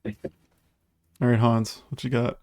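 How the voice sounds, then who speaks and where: A man's voice: mid-range voice, little pitch movement, takes it slowly, darkish tone, no room sound, studio quality. A man acting as game master, easygoing and laughing often as he narrates the results of the rolls. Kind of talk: running a tabletop game.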